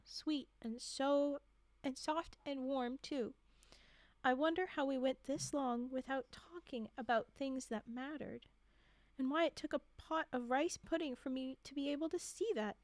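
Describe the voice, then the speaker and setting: A young woman streamer reading a holiday story aloud, expressive, with chatty asides. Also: high voice, no room sound.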